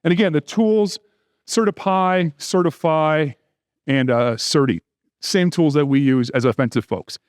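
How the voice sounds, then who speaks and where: A middle-aged man presents at a conference in a conversational way, breaking in with joking asides. His voice sits high for a man. The sound is dry and close, with no room echo. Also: unhurried, darkish tone, clear, resonant tone. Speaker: security conference speaker. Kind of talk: conference talk.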